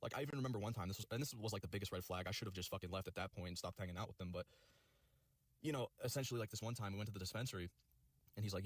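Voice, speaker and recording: A vlogger with a somewhat low voice races through a long personal story, cursing constantly and stacking up fillers as he rambles. His tone stays steady, and the recording is dry and close to the mic.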